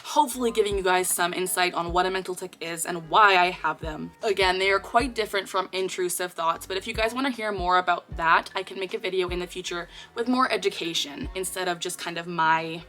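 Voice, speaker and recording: A woman's voice: on the low side, a little fast, hardly any pauses, sharp tone, faint music behind. A young woman talking casually to her viewers, chatty and explaining things with frequent fillers. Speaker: video creator. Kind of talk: casual talk to camera.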